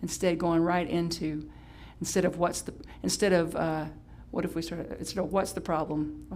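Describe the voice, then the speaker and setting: A woman pastor preaching a Sunday sermon in a chatty, playful way, breaking into sudden high exclamations and correcting herself as she goes. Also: little pitch movement, moderate pace, a little mellow. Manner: chatty, with restarts and self-correction. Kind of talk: live-streamed Sunday sermon.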